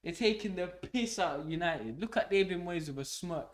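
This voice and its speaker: A young man hosting a live football watch-along, swearing and shouting at the match as it unfolds. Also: sits high, normal speed. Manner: swearing, excitable, shouts at the game. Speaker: fan channel host.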